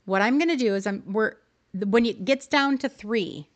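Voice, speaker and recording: A woman's voice: on the high side, moderate pace, lo-fi sound. A woman hosting a live stream, coaching her viewers through decorating choices in a friendly, upbeat way and answering chat as she goes. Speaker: livestream host teaching game decorating.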